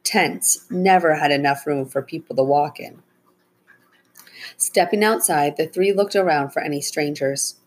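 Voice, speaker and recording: Low husky woman reading a storybook. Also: unhurried, rough recording. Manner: raises her pitch for the children's lines, soft and low on tags. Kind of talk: read-aloud children's story narration.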